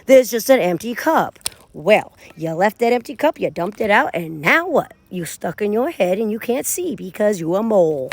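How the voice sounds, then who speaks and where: A woman's voice: medium pitch, moderate pace. A woman giving a casual tarot reading, talking straight to her viewers as she turns the cards. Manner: animated, talks straight to viewers. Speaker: tarot reader.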